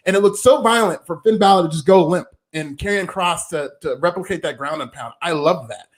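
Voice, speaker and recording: A man's voice: high voice, a little fast. A man co-hosting a wrestling podcast, giving emphatic, opinionated takes in casual chat.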